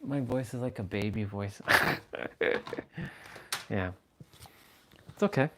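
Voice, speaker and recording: A man's voice: fairly low pitch, slow, heavy background noise. A man hosting a live stream, rambling casually and playfully as he chats with his viewers. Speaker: livestream host.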